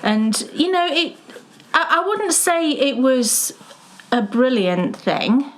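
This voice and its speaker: A woman co-hosting a knitting show, talking in a chatty, enthusiastic way and quick to agree. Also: high voice, big pitch swings. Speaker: co-host of a knitting video show. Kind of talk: casual chat.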